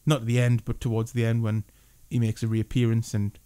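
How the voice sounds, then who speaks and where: A man chats loosely about a film he reviewed, talking at a middling pitch. He wanders through his points with many fillers and restarts and laughs often. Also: monotone, brisk, dark tone, clean tone. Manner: rambling, lots of 'like' and restarts, laughs often. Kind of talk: casual review chat.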